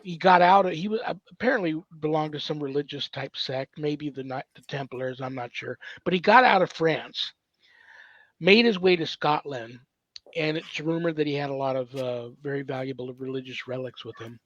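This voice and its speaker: A man's voice: on the high side, normal speed, no room sound. A man hosting a casual podcast interview, talking in a rambling, chatty way with many fillers. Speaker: podcast host. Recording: dull, dry podcast recording.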